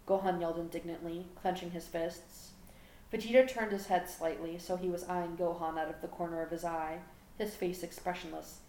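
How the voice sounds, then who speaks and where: A woman narrates prose in a steady, even reading voice that sits on the low side. Her home recording is roomy and echoey, with a faint hum running underneath. The delivery stays calm and measured. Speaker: fan fiction audiobook reader. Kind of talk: story narration.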